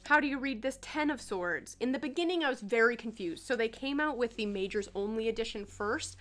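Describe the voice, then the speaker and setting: A woman's voice: on the high side, expressive, fairly quick, fairly bright tone. A woman talking casually to her viewers as a tarot vlogger, chatty and loose, with lots of "like" and "um" as she shows cards to the camera. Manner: chatty, filler-heavy with frequent "like" and "um". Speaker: tarot content creator. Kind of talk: casual chat.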